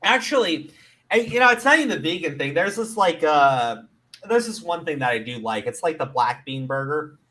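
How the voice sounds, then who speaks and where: With a voice on the high side and a moderate pace, a Middle Eastern man hosts a casual commentary show. He rants animatedly, swears a lot, laughs often and stammers as he restarts.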